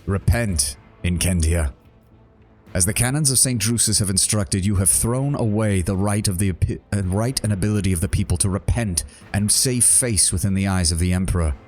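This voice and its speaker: A man's voice: low voice, darkish tone, faint music behind, close to an everyday voice. A man voicing a zealous accuser who preaches about righteousness and sin in a tabletop role-playing game. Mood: accusing. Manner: preachy, measured.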